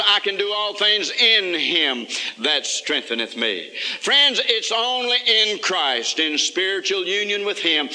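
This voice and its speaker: Fervent preacher man, bright and echoey. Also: high voice. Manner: rhythmic, repetitive preaching cadence. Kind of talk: revival sermon. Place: large church hall. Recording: 1982 revival recording in a reverberant hall.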